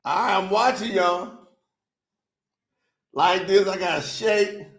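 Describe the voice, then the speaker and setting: A man's voice: high-pitched, slow pace, fairly bright tone, roomy sound. An upbeat man hosting a casual livestream, chatting with viewers and reading their comments aloud. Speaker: livestream host.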